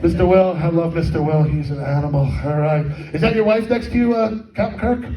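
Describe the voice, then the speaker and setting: Fairly high-pitched and brisk, a middle-aged man performs crude, rambling stand-up, mocking himself as he works the live crowd at a comedy fundraiser hall. The audio is dull, echoey, and picked up by a mic at a distance.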